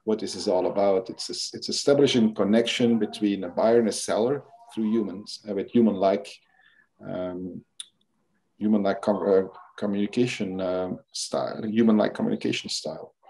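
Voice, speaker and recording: Brief: male guest expert, warm mellow tone, conversational, restarts often. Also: lowish voice, normal speed. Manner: animated explaining, frequent restarts and "kind of". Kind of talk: interview conversation.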